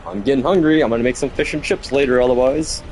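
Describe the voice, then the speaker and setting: Talking fast at a medium pitch, a streamer keeps up relaxed, meandering chatter with his audience while gaming. A little background noise can be heard.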